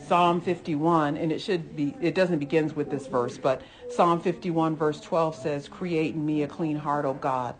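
Woman Bible teacher, low register, earnest and emphatic, chatty sermon delivery with repetitions. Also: darkish tone. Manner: earnest, emphatic, repeats phrases, many "you know" asides. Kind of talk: conversational Bible lesson sermon.

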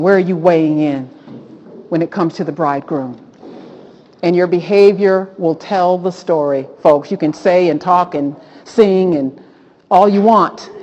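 A woman hosting a Christian talk, preaching with animated, rising exclamations. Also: lowish voice. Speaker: host of a Christian talk show. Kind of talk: preaching-style Bible talk. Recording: dull lo-fi sound.

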